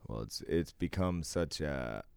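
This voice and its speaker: A man's voice: very deep voice, lively intonation, measured pace, gravelly, a little mellow, clear, resonant tone, no room sound. A middle-aged man co-hosting a casual podcast chat, laid-back, swearing freely and laughing often. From eastern US. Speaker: podcast co-host.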